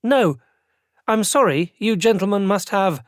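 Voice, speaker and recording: A man's voice: high voice, lively intonation, a little slow, no echo, studio quality, pitched above the performer's own voice. A man voicing a polite, evasive young elven man in an audiobook. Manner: polite, deflecting. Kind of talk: audiobook character voice.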